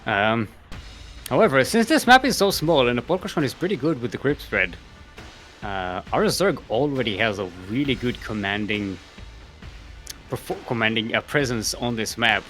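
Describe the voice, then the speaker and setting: A man casting a live video game match, excitable and laughing often as he talks. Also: medium pitch, moderate pace, soft background music. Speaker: esports caster.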